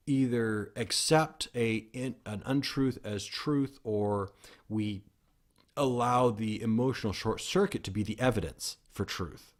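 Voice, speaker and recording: A man hosting a solo podcast, explaining ideas in a rambling way, often restarting and correcting himself mid-sentence. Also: lowish voice. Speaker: podcast host.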